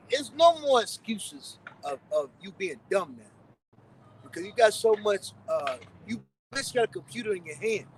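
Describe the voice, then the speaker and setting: A man's voice: extremely high pitch, recorded from a distance, slight background noise, rough recording. A man preaching on the street in a blunt, profane, repetitive way.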